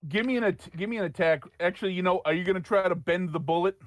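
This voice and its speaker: A man narrating as game master of a tabletop game, laughing often and dropping into quick voices for the players' thoughts. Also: sits high, no echo.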